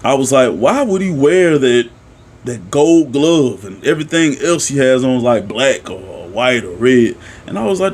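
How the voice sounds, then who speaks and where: A young man excitedly recapping a wrestling show in a casual, profane, animated way, jumping to shouts at the big moments. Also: a little high, a little hiss or hum. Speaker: wrestling reaction vlogger.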